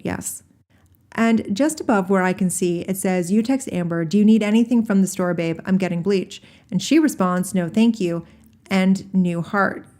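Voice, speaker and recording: A woman reading a deposition transcript aloud, naming each speaker before their lines in a plain, measured way. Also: mid-range voice, a little mellow. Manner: announces speaker names before each quoted answer. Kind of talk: solo reading of transcript, all parts.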